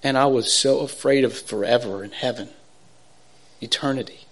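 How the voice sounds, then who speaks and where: A middle-aged man giving an emotional personal testimony, halting and repetitive, swinging from urgent to hushed. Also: mid-range voice. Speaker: testimony speaker.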